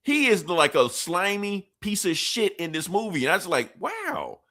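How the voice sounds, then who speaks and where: Animated, profane male podcast host. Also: sits high, moderate pace. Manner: animated, profane, laughing often. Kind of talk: casual podcast chat.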